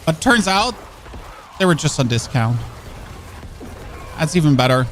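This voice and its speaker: A man's voice: fairly high pitch, sing-song, unhurried, a bit bright, slight background noise. Chatty German man streaming a game. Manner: chatty, rambling, jokey, repeats and self-corrects. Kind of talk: casual gameplay commentary.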